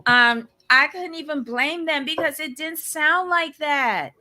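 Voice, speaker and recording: A woman co-hosting a casual recap show, with a high, bright voice. She chats in an animated way and often stops and restarts her sentences. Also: unhurried. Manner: chatty, animated, with repeated restarts. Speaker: podcast co-host.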